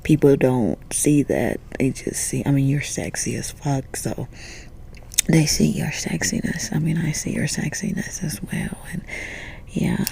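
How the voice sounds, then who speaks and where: A woman talking straight to a listener in a soft, half-whispered, reassuring way, swearing casually as she goes. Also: low-pitched, vocal fry, slight background noise. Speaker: spiritual channeler speaking to a viewer. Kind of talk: intimate direct-to-camera talk.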